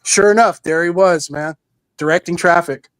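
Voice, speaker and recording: A man telling a story in casual chat, relaxed and animated, acting out the lines of the people in it. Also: fairly high pitch, normal speed. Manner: relaxed, animated storyteller who acts out dialogue with "he's like" and "I'm like".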